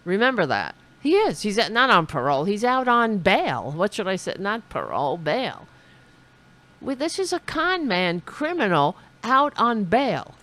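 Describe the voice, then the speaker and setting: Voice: medium pitch, big pitch swings, a little slow, sharp tone. A comedic commentator reacting to clips with sarcastic, mocking remarks and repeated quotes.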